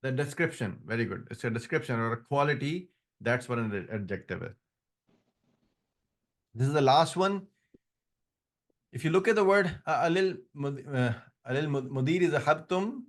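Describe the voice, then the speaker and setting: A man whose first language isn't English teaches an Arabic grammar class online, explaining patiently but often restarting. His voice is a little high with lively intonation, at a moderate pace.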